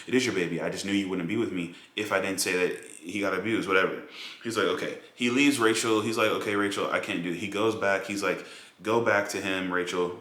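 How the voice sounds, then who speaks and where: A man giving a casual, animated film review monologue with lots of fillers and mocking asides. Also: deep voice, roomy sound. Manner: animated, mocking quoted voices, many fillers.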